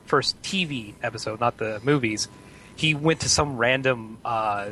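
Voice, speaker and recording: A man co-hosting a podcast, chatting casually and telling relaxed, meandering stories. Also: medium pitch, measured pace, slight background noise, poor audio. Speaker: podcast co-host. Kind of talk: casual chat.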